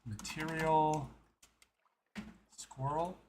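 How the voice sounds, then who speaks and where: A man's voice: on the high side, steady tone, very slow, background noise. A man streaming live, chatting casually to his viewers while playing a game. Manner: chatty, talks to chat while playing and exercising.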